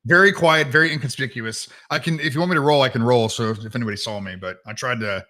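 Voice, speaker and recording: A man's voice: mid-range voice, fast, bright, forceful tone. A man playing a tabletop game, joking, swearing casually and laughing often. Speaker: player.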